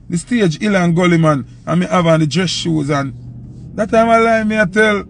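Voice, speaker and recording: A young man with a Jamaican accent, a selector telling a loose, animated story in patois and acting out the quotes. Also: sits high, brisk, creaky, no room sound. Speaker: dancehall selector. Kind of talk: casual storytelling.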